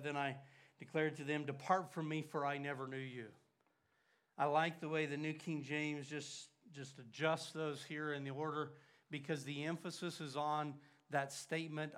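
An older man preaching a sermon, swinging from loud urgent emphasis to hushed, near-whispered lines. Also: on the high side.

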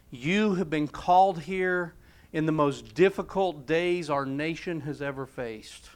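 Smooth-voiced preacher man retelling scripture. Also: on the high side, unhurried. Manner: storytelling preacher, shifting between emphatic and hushed delivery. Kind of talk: sermon.

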